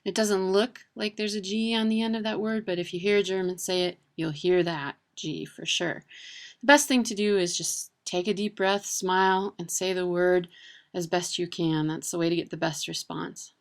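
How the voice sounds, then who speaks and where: Chatty woman with gravelly voice. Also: fairly low pitch, steady tone, normal speed. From Wisconsin, USA. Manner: chatty, frequent ums and uhs. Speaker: presenter of a language video. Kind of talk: casual informative talk.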